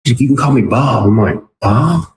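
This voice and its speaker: A man's voice: medium pitch, fast. A man, a podcast guest telling casual stories and acting out what people said. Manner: animated, acts out other people's lines in quotes. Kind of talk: casual storytelling. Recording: roomy with clear background noise.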